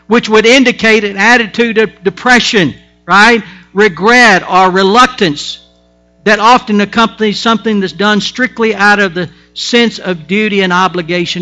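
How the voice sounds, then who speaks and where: Man, pastor preaching, high bright voice, folksy asides, faint music underneath. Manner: emphatic preaching with folksy asides and repeated restarts. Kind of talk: sermon.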